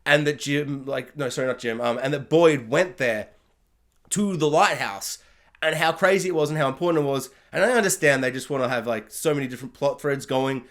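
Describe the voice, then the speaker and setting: A man's voice: medium pitch, brisk, fairly bright tone. A young man giving a casual, rambling TV episode review, often acting out characters' lines.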